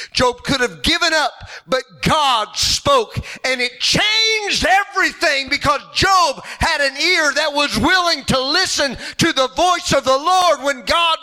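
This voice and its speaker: A male preacher with a very high, bright voice delivers a sermon. He speaks with fervor and swells into shouted emphasis to drive his points home.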